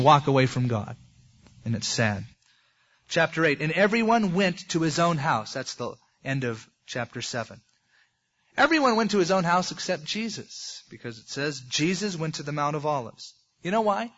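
A man's voice: on the high side, fairly bright tone. A man preaching an expository sermon in a conversational way, acting out the voices of people in the passages he quotes. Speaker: pastor. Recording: dull lo-fi recording.

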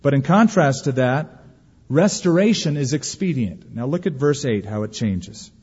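A male pastor preaches with a mellow, slightly husky voice that swoops up and down with expression. His delivery is folksy and full of humor, with dramatic pauses. The sound is dull and carries a long church reverb. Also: medium pitch, lively intonation. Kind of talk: sermon.

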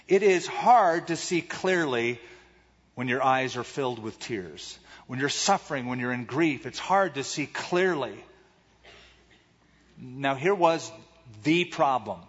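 A man's voice: mid-range voice, breathy edge, in a large hall, highs cut off. A man preaching a sermon with dramatic rhetorical questions, acting out the voices he quotes. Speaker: pastor.

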